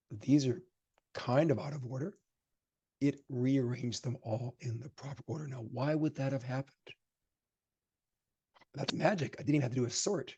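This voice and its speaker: Man live-coding in a lecture, husky voice. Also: medium pitch, warm tone, lo-fi sound. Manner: chatty, thinks aloud while typing code; gets emphatic when giving advice. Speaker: programming instructor.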